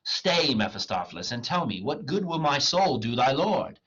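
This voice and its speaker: Male reader doing a proud doomed scholar, husky and bright, voice cracking, lo-fi recording. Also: mid-range voice, sing-song, normal speed, pitched above the performer's own voice. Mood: declaiming. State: voice cracking, strained. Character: proud scholar selling his soul, male. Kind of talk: dramatic reading of a play.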